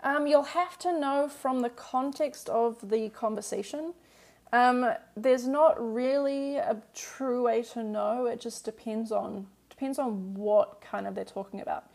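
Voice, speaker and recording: A woman's voice: fairly high pitch, measured pace, vocal fry, a little mellow. A woman teaching a live-streamed language lesson, patiently explaining grammar and answering viewer questions with lots of "um" and "like".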